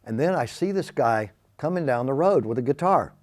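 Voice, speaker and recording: An older man from Texas, telling his conversion story. He speaks at a medium pitch and is lively, acting out the voices in his own story. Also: moderate pace. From Texas, USA. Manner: animated, acts out quoted speech. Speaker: Christian testimony speaker. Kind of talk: personal testimony storytelling.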